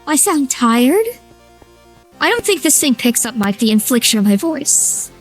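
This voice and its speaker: A man streaming a game through a feminine voice changer, chatting excitably with his chat, squealing and giggling. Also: very high-pitched, a little slow, faint music behind, pitched above the performer's own voice, heavily acted. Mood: playful. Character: high feminine streamer voice, playful. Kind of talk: casual live-stream chat while gaming.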